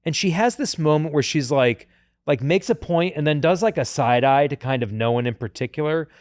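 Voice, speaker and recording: A man co-hosts a casual podcast, talking in an animated, joking way. His voice sits a little high. The sound is close and dry. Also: dry recording. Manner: animated, jokey, puts on quick voices, many fillers. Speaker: podcast co-host. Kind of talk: casual chat.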